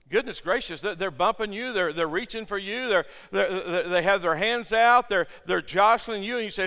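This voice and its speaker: An older male pastor with a high, sharp, clear and resonant voice preaches at normal speed to a congregation in a church sanctuary. He is impassioned, stammering and restarting and posing rhetorical questions, while the recording carries a long church-hall reverb.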